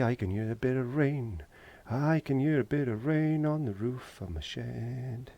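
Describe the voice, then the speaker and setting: His mid-range voice is mellow and husky, and he speaks at a measured pace with hardly any pauses. This Welsh painting tutor gives a casual lesson from a garden shed, keeping up a chatty, jokey monologue to himself while working.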